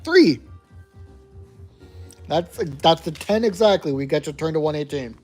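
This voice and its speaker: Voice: medium pitch, brisk, a little mellow. Wry gamebook reader over faint music. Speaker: player and narrator. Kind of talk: reading a gamebook aloud and playing it.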